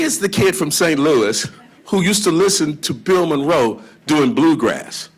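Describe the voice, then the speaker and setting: High-voiced folksy blues storyteller, man. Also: lively intonation, measured pace, husky. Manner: folksy storyteller, drawls into song. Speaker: blues historian and guitarist. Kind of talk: live lecture with guitar demonstrations. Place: live event before an audience. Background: guitar playing.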